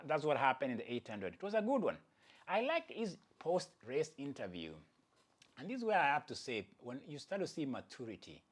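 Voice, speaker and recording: A man hosting his own channel, giving casual, playful commentary with chatty asides to viewers and jokes at his own expense. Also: mid-range voice. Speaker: athletics commentator and channel host.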